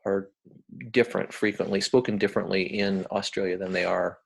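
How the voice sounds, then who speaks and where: An American man giving a recorded lecture, talking in a relaxed, hesitant way with many ums and uhs. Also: low-pitched, brisk, gravelly, husky. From United States.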